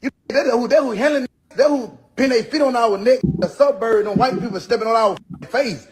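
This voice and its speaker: A man's voice: very high voice, brisk, darkish tone, a little hiss or hum. A man in a played clip, ranting defiantly and repeating himself, tacking "boy" onto his lines. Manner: repetitive, defiant, keeps saying "boy". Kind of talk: heated ranting monologue.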